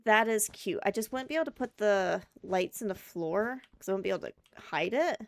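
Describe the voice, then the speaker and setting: Bubbly woman streamer, lively voice. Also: medium pitch, brisk, no echo. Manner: chatty, bubbly, thinks aloud with fillers. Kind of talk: casual live-stream chat while gaming.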